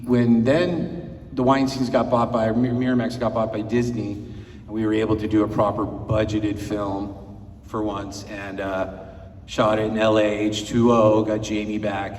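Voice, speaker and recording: A man in his fifties with a fairly low, slightly mellow voice speaks as a film producer on a panel in a large convention hall. He rambles through anecdotes, chuckling and acting out quotes. The voice sounds far off in an echoey hall, with slight background noise.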